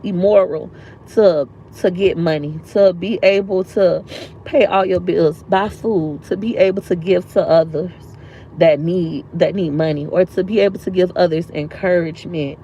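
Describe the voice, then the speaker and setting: A woman's voice: lowish voice, darkish tone, lo-fi sound, a little hiss or hum. A woman vlogger sitting in a park outdoors, talking earnestly and from the heart, repeating lines for emphasis. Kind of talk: emotional motivational vlog talk.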